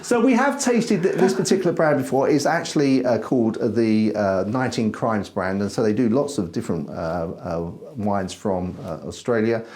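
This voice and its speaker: A man's voice: lowish voice, normal speed, hardly any pauses, darkish tone. A man hosting a casual wine-tasting chat, friendly and self-mocking, given to flowery phrasing. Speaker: wine show host.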